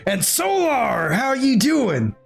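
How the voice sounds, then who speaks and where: A man voicing a big, hearty male warrior noble who gushes with theatrical warmth. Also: very high voice, very animated, slow pace, creaky, faint music behind, voice pushed up, full character voice. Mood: effusive.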